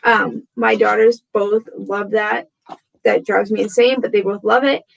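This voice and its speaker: A woman's voice: mid-range voice, steady tone, measured pace, vocal fry, rough recording. A woman in her thirties chatting casually to camera from home, rambling and self-deprecating, tired and frazzled, laughing often. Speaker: vlogger. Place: home room with torn wallpaper.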